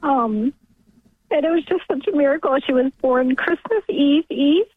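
A woman in her forties from New York, calling in on the phone and telling an emotional story, halting and laughing through tears. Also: high-pitched, dry recording. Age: 40s. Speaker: caller. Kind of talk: emotional call-in testimony. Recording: tinny phone line, dry.

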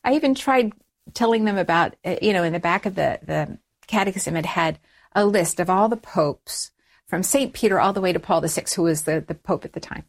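A middle-aged woman telling a personal story as an interview guest, lively, raising her voice when she quotes people. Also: on the low side, brisk. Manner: animated storytelling, acts out quoted dialogue in a raised voice. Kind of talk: personal conversion story in conversation.

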